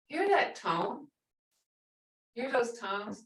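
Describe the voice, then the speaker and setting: A woman teaching a language class, repeating words slowly and quizzing her students. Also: mid-range voice, very animated, a bit bright. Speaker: language instructor. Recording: echoey room, distant mic.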